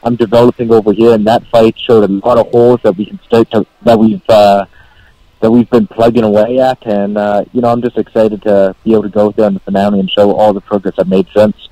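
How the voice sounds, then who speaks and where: A man's voice: on the low side, level tone, a little fast, dark tone, no room sound, poor audio. A man with a Canadian accent answering interview questions as a guest, laid-back and repeating words. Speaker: guest fighter.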